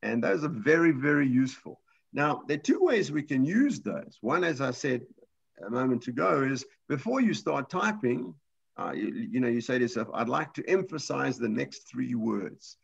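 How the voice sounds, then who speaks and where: Patient older-sounding gravelly male instructor. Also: mid-range voice, sing-song, moderate pace, lo-fi sound. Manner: patient, explains step by step with many restarts. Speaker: computer class instructor. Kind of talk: live class lesson.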